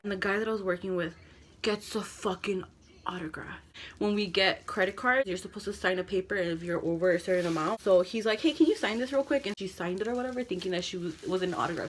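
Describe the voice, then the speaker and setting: A young woman telling a dramatic storytime vlog, animated and full of quoted voices. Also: mid-range voice, fast talker, hardly any pauses, slight background noise. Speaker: vlogger.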